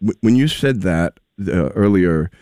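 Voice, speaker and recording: A man's voice: deep voice, expressive, measured pace, dark tone, no room sound, clean studio sound. A male radio host interviewing a guest, flustered and stammering as the talk keeps going off track. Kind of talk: comedic interview.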